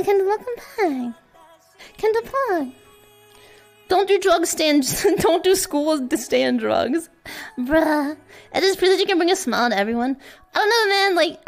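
A woman streaming casually in a virtual world, playful and goofy, chatting to her viewers. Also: high voice. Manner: playful, goofy, breaks into sung noises and silly bits.

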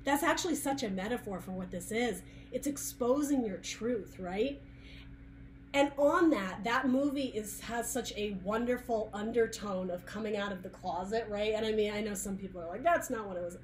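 Speaking at medium pitch and a moderate pace, a tarot reader works through the cards casually, chatty and searching, often restarting and going off on asides. Some faint background noise is present.

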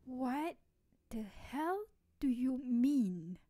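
Actress as playful tomboy best friend in ASMR role-play; mellow, unhurried, teasing. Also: female voice, high-pitched, expressive, no room sound, studio quality. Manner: teasing, playful, laughs often. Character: energetic teasing tomboy childhood best friend, young woman.

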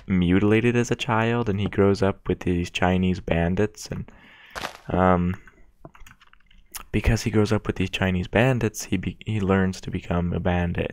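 With a low, gravelly voice and slight background noise, the gaming creator rambles on in a self-mocking way, talking to the characters as he plays.

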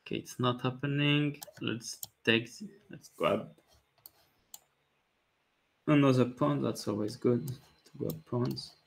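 A man, a chess grandmaster calmly thinking aloud about his moves during a live stream, with light jokes. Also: mid-range voice, slow pace, gravelly, long pauses. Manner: calm, thinking aloud move by move, light joking. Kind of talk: live-stream commentary on his own play.

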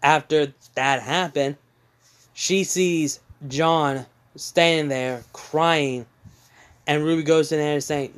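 A man casually retelling a fan story, halting with many fillers and restarts. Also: fairly high pitch, fairly even intonation, a bit bright, smooth.

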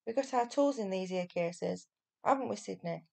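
A woman's voice: medium pitch, moderate pace, gravelly, a little mellow. A woman reading aloud and voicing a sly male burglar who coaxes with slang, then snarls. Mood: wheedling. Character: gruff, sly adult male burglar, turns nasty.

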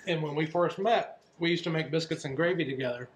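A man chatting casually at home on a diet vlog, relaxed and rambling. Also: fairly high pitch, fast, slight background noise. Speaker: co-host of a keto vlog channel. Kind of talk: casual chat.

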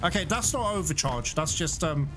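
A man's voice: fairly high pitch, animated, normal speed. Chatty man narrating gameplay. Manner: chatty, laughs often, exasperated outbursts at the game. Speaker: gaming YouTuber. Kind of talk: let's play commentary. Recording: game music playing behind the voice.

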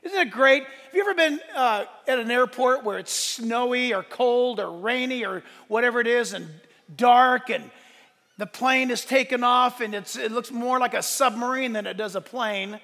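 A male pastor preaching a sunrise service sermon, animated and shouting at the high points, with joking asides. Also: moderate pace, big-room sound.

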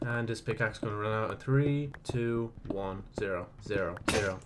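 A young man commentating his own video game play, swearing often and jumping from low muttering to sudden yelps. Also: brisk, hardly any pauses, background noise. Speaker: gaming channel host. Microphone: desk mic with audible mouse clicks.

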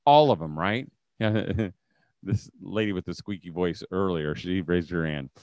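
A man's voice: deep voice, a little slow, a little mellow, no echo. A middle-aged man giving a conversational talk to homeschool leaders, telling stories and acting out quotes. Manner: conversational storytelling, acts out quotes. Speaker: speaker at a homeschool leaders' event. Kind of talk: conference talk.

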